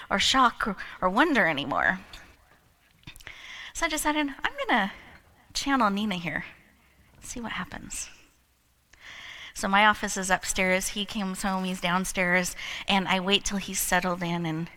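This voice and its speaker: Bright, playful woman emceeing. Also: medium pitch. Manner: animated, laughs often, leads the crowd. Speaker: event emcee. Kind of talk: playful motivational storytelling to a live audience. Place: event hall with an audience.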